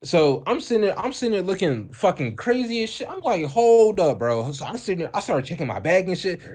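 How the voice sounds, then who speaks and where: Animated young man telling a school story. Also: high-pitched, quick pace, husky. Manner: animated, acts out quoted voices, heavy profanity and slang. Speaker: podcast co-host. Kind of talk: casual storytelling.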